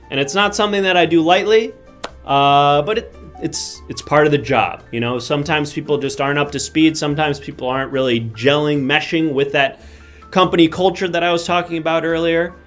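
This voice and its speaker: Man playing a corporate hiring manager, rambling, chatty, self-interrupting, slightly high voice, faint music behind. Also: a bit bright. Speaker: comedy character host. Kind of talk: improvised live comedy.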